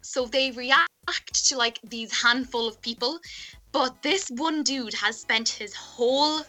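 A young Irish woman chatting casually as a podcast co-host, chatty and quick to agree. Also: a little high, sharp tone, low-quality recording. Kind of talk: casual chat.

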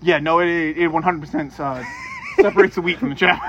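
A man co-hosting a podcast outdoors by a street, telling crude jokes loudly and laughing at his own punchlines. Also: a little high, huge pitch swings, moderate pace, muffled recording, background noise. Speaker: podcast co-host. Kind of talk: crude joke-telling banter.

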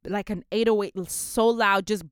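A woman's voice: medium pitch, steady tone, moderate pace, clean tone, dry recording, studio quality. A young woman from Africa hosting a casual motivational podcast, earnest and emphatic, repeating her key phrases. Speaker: podcast host.

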